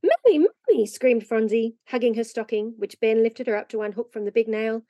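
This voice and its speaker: A woman reading a storybook aloud with lively, expressive narration. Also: a little high, normal speed, no echo, lo-fi sound. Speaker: reader.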